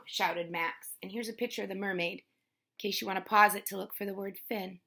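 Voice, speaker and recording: A woman reading a children's chapter book aloud, lively, with her pitch rising for the kids' lines and dropping for the narration tags. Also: brisk, creaky. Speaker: storybook reader. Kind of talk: children's read-aloud with character voices.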